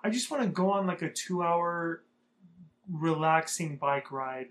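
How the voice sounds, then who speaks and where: Young man, casual vlog storytelling, slightly high voice, rambling, swears a lot, from Southern California. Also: measured pace. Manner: profane, rambling, animated. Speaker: vlogger.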